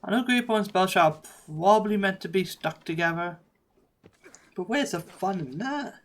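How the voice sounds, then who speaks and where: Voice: mid-range voice, animated, moderate pace. A streamer giving casual live commentary while playing, muttering thoughts on gear aloud.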